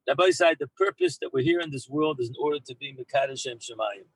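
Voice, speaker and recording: A man who heads a yeshiva, telling an anecdote in an animated way to his former students, mixing in Hebrew and Yiddish words and often repeating himself as he goes. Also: medium pitch, fast, slightly rough, no echo, poor audio. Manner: frequent repeats and restarts. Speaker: rabbi and yeshiva head. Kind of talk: storytelling talk to former students.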